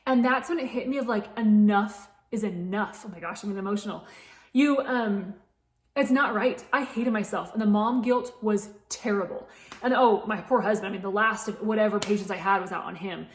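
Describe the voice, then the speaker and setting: Speaking fairly quickly at a medium pitch, a woman in her late thirties who coaches fitness shares a personal story to camera. She's chatty and open, often starting her sentences over, and the recording has an echoey room sound.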